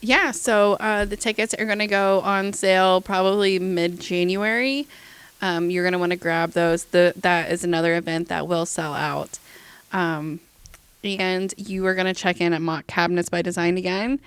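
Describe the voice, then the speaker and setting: A woman's voice: fairly low pitch, steady tone, moderate pace, a bit bright, smooth, no echo. A woman guest on a podcast, an events organizer, who laughs often and talks in an easygoing, casual way. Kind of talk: casual chat.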